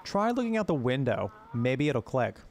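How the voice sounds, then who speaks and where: A man's voice: mid-range voice, sing-song, moderate pace, a little mellow, a little hiss or hum. A man reading the lines of a harbor chief, blunt and matter-of-fact.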